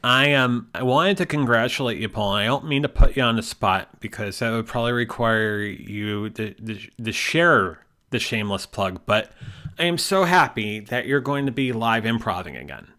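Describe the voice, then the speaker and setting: A male host with an ordinary pitch talks over a video call in a casual live stream. He rambles and often stumbles on repeated words. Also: animated, moderate pace, bright, forceful tone. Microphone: headphones on a video call.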